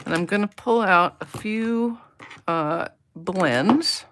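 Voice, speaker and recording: On a US live stream, a woman shows how she makes a card, chatting as she goes, greeting viewers by name and talking to herself while she works. Her voice sits on the low side and is slow and a bit bright, with slight background noise.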